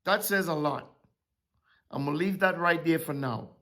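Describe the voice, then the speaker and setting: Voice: mid-range voice, normal speed, a bit bright. A Bible teacher preaching a sermon-style lesson, who asks rhetorical questions and repeats key phrases for emphasis.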